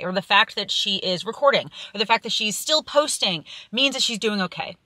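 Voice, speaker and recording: A woman's voice: mid-range voice, animated, fairly quick, pushed and bright, no echo. A young woman talking candidly to camera in a vlog, holding back tears as she rambles with fillers. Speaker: vlogger. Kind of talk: candid confessional vlog talk.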